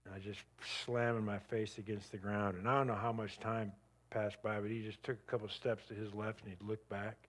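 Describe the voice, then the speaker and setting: Speaking briskly in a lowish voice, a guest speaker at a church shares a dramatic story from his own life. His delivery swings between vivid, animated bursts and sudden hushed moments.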